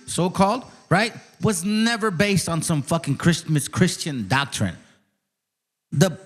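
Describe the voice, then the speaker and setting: A man hosting his own channel, ranting in casual commentary, profane and mocking, sometimes reading a document aloud slowly. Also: high-pitched. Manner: reads aloud slowly, then speeds up. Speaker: channel host.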